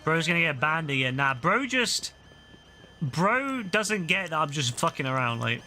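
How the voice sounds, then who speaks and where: A man's voice: fairly high pitch, very animated, a little slow, pushed and bright, a little hiss or hum. A young man live-streaming a video game, talking casually with lots of swearing and mock-outraged banter.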